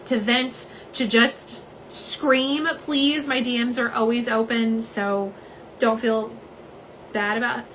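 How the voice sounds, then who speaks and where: A woman, chatting casually and warmly through a nail polish livestream at home, with lots of "um"s. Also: a little high, a little hiss or hum, rough recording. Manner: chatty, many "um"s, says "y'all".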